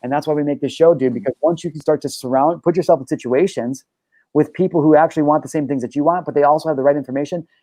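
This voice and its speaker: A man's voice: on the high side, fast, mellow, no room sound. A young adult man hosting a casual talk show, telling a personal story in a blunt, emphatic, profanity-laced way. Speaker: show host and life coach. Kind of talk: casual podcast conversation.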